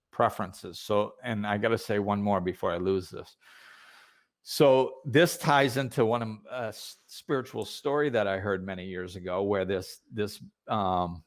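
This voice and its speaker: A man hosting a podcast, telling a spiritual story in a loose, casual way full of fillers and restarts. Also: on the low side. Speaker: podcast host.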